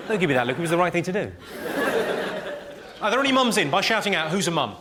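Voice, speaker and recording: A man's voice: high voice, animated, normal speed, long pauses. A man telling dry, bawdy stand-up stories. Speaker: stand-up comedian. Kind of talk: stand-up comedy. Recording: loud noisy live recording.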